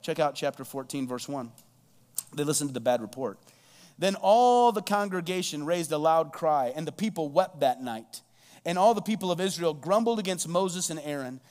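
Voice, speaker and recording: A man's voice: high-pitched, in a large hall. A man preaching a sermon as pastor, reading scripture aloud and asking the listeners rhetorical questions.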